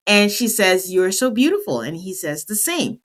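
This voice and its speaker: A woman's voice: medium pitch, moderate pace. Chatty woman recapping reality TV. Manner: animated storytelling, acting out the cast's lines. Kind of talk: casual recap commentary.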